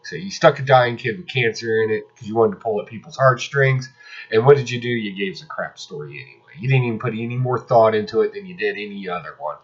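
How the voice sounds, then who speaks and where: A man's voice: mid-range voice, slightly rough. A man casually reviewing comic books, ranting sarcastically and exasperatedly about the ones he dislikes. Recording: slightly dull lo-fi audio.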